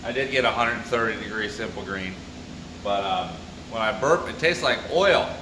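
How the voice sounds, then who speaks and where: A man's voice: lowish voice, normal speed. A man feeling nauseous, groaning and rambling as he talks casually for his vlog. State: nauseous, queasy. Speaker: car-build vlogger. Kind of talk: casual vlog talk to camera. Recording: echoey room, far from the mic, faint noise.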